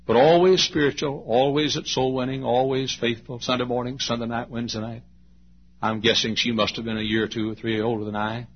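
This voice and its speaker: A man in his late fifties preaching a storytelling sermon in a church, swinging between loud passages and hushed ones as he tells the story. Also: medium pitch, flat delivery, a little fast, a little hiss or hum. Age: late 50s. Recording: dull lo-fi sermon recording.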